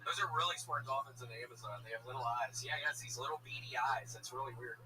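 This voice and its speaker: A man in casual, crude comedic banter, swearing often, giggling and talking in mock excitement. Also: medium pitch, quick pace, a crowd in the background. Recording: distant mic with loud music.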